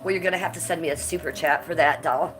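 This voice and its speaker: A woman's voice: sits low, steady tone, quick pace, a bit bright, a little hiss or hum. A woman hosting a casual livestream, blunt and profane, her voice stuffed up from a cold, with coughs between her lines. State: congested and coughing. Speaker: livestream host.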